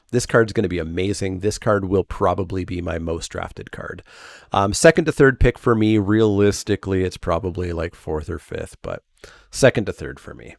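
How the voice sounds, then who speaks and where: Low-voiced man, chatty card game reviewer. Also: no echo. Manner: chatty and loose, with fillers and self-corrections; laughs at his own remarks. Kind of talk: casual draft set review.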